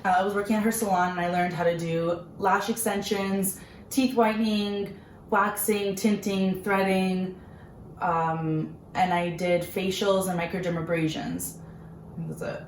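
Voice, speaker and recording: A young woman with a lowish voice tells her own story in a chatty, earnest way, full of fillers. Her voice rings in a roomy space, with a faint hiss of noise behind it. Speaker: vlogger, small business owner. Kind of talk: casual personal storytelling.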